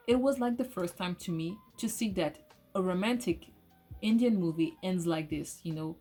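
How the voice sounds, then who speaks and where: A woman giving a casual, excitable spoken movie review, swearing often and restarting her sentences. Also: mid-range voice, unhurried, husky. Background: soft lofi music.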